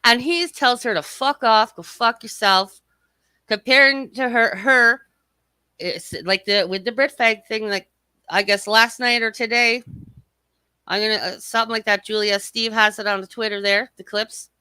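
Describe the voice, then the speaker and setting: A woman's voice: fairly high pitch, fairly even intonation, moderate pace, bright, forceful tone, clean tone, no echo. A woman hosting a livestream from home, ranting in a heated, sarcastic and profane way at other streamers. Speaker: livestream host.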